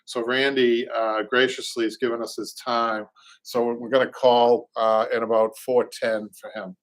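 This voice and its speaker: A middle-aged man with a Boston accent, an upholsterer who hosts a live show, chats casually at normal speed. His voice is medium-pitched and flat. He rambles, repeats words, and reads viewer comments aloud.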